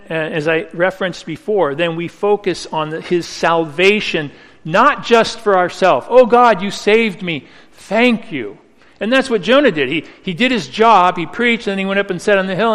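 A man preaching a sermon, telling a personal story earnestly with slow, emphatic phrasing. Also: a little high, fairly bright tone. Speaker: pastor. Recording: reverberant hall.

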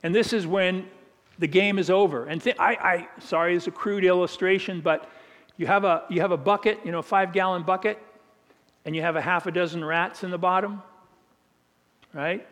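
A man with a fairly high voice preaching a sermon, conversational and vivid, with humorous asides. The recording has the long reverb of a large hall. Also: fairly even intonation, moderate pace, fairly bright tone.

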